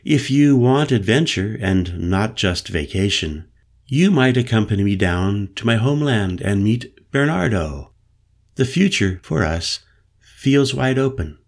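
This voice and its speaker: A man reading the part of an earnest, determined Mayan woman shaman in an audiobook, in a low, unhurried voice. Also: lively intonation, vocal fry, exaggerated voice. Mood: hopeful. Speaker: spiritual guide.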